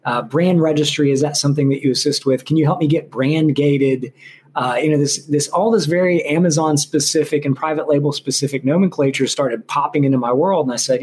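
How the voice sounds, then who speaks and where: A man in his thirties, an intellectual property lawyer, telling his story as an interview guest in a chatty, animated way with many fillers and restarts. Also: fairly high pitch, brisk, a little hiss or hum.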